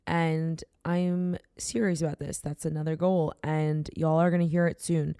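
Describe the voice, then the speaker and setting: A woman's voice: low voice, flat delivery, moderate pace, warm tone, smooth, dry recording, clean studio sound. Playful young woman podcast host. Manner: playful, teasing, chatty. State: tipsy from drinking. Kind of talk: casual podcast banter.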